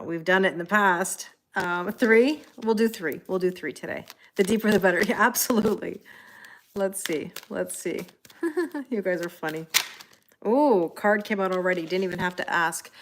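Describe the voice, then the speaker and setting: A middle-aged woman hosting a live tarot reading, talking casually with a somewhat low voice. She chats easily, greets viewers one after another by name, and fills her pauses with ums and soft laughs. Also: a little hiss or hum. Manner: chatty, greets viewers by name, many fillers and light laughs. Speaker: tarot reader on a livestream. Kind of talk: live-stream casual chat.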